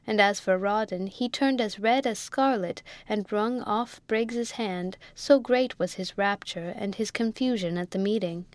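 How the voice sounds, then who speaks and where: A woman narrating a classic novel in a measured, expressive reading. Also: medium pitch, no echo. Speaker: audiobook narrator. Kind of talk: literary narration.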